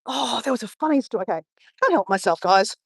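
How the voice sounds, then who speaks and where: A woman's voice: fairly high pitch, expressive, quick pace, creaky, slightly rough, dry recording, studio quality. Chatty woman on a beach stroll. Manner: rambling and chatty, greets viewers while walking. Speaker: live-streaming vlogger. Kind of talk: casual live-stream chat. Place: outdoors on a beach.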